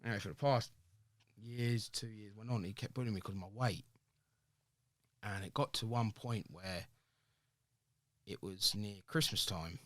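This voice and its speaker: A young man speaks in a somewhat low voice, slangy and animated, and he acts out quoted lines as he tells his story. The sound is dry and close, with no room echo. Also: normal speed, long pauses. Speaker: podcast guest. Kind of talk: candid personal storytelling.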